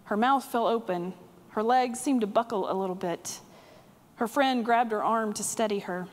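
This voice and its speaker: A woman pastor tells a story from the pulpit, voicing the people in it. Her voice sits fairly high and rings out through a reverberant church sanctuary. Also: moderate pace. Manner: vivid, expressive storytelling with quoted dialogue. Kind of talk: sermon storytelling.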